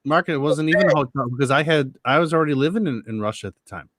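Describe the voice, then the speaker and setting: A man's voice: fairly high pitch, racing, a bit bright, no echo. Chatty man on a dry video call. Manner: chatty, laughs often, restarts sentences. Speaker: panel guest, copy editor. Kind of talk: casual chat.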